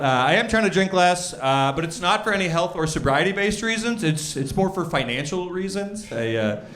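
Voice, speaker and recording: Dry self-deprecating young male comic. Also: fairly high pitch. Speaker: stand-up comedian. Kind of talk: stand-up set. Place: comedy club stage. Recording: live club recording with audience noise. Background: audience laughter.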